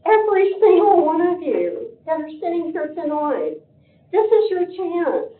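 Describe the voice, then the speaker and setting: An older woman speaks in a slow, high voice during public comment at a county meeting, her words pleading and tearful. The recording carries a roomy echo and sounds thin, like a phone line. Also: very animated. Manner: emotional, pleading, voice breaking with tears. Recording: echoey room, phone-like meeting audio.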